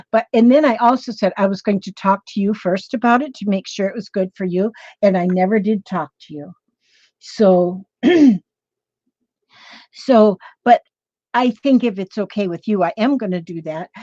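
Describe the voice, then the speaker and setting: A chatty woman hosts a casual craft livestream, wandering from thought to thought and greeting viewers by name. Her voice is warm and mellow, and the recording is dry and a little dull, like home stream audio. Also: mid-range voice, no room sound. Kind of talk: casual live chat with viewers.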